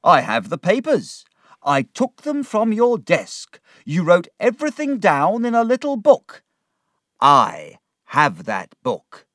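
A man voicing an excitable middle-aged gentleman in a storybook reading, theatrical and swelling with feeling. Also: high-pitched, slow pace, no echo, studio quality, pitched above the performer's own voice, full character voice. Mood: triumphant. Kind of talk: audiobook character reading.

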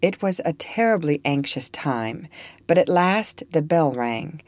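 A woman reading a classic story aloud in an expressive storybook style. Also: sits low, measured pace, no echo. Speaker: narrator.

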